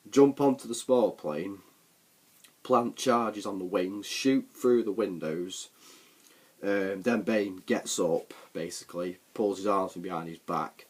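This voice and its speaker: A man's voice: deep voice, husky. A man giving a casual, rambling film recap for a vlog, with frequent fillers and restarts. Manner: rambling, full of ums and restarts. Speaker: film reviewer.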